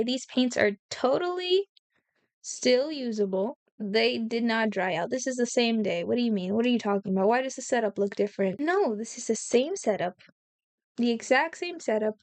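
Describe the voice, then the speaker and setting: A talkative woman with a fairly high voice chats to her viewers as she paints, poking fun at herself along the way. The sound is close and dry, with almost no room around it. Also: animated, moderate pace, no room sound. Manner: chatty, self-mocking, talks to viewers. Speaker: art vlogger. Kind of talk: casual chat while painting. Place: indoors, sitting on the floor.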